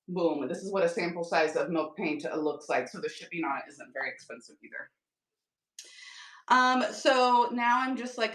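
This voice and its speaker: A woman's voice: mid-range voice, fairly bright tone, recorded from a distance. A woman hosting a casual live-selling craft stream, chatting upbeat with viewers while she paints, a little tired. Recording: echoey room, voice off-mic.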